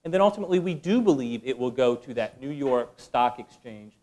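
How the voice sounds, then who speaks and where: A man's voice: medium pitch, lively intonation, brisk, mellow. A man speaking as a panelist, laying out his points in a firm, structured way. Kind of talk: panel discussion.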